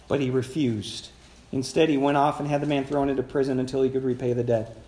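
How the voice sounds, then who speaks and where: A man's voice: medium pitch, brisk, a little mellow, echoey room. A man preaching a sermon as pastor, talking conversationally and putting questions to the congregation. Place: church sanctuary.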